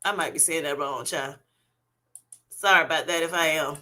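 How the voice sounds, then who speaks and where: A woman's voice: deep voice, steady tone, moderate pace, sharp tone. Laughing woman chatting with her livestream. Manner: laughs often, playful and teasing. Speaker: livestream host. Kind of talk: casual livestream chat reading comments. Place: at work. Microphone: phone.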